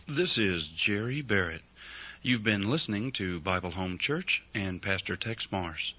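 Low-voiced radio announcer, bright tone. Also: male voice, lively intonation, a little slow, husky. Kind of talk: scripted program outro. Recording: dull lo-fi radio broadcast.

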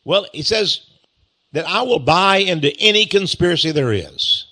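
A man with an East Texas accent talks through a critical article, chuckling often and repeating its insults back with mock pride. His delivery is animated and drawling, with a bright, husky tone pitched a little high. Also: normal speed. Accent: Texan. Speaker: host. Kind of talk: monologue reading and mocking a critical article.

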